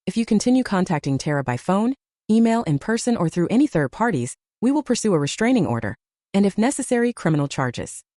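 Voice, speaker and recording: A woman voicing a firm, measured middle-aged male corporate lawyer in a storybook narration. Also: mid-range voice, very animated, mellow, no echo, studio quality, close to an everyday voice.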